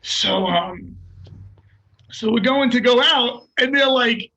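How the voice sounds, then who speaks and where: An older man, a fighter, telling a story in casual, profane, animated bursts and laughing along the way. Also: very high-pitched, slow, husky, lo-fi sound. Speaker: guest fighter.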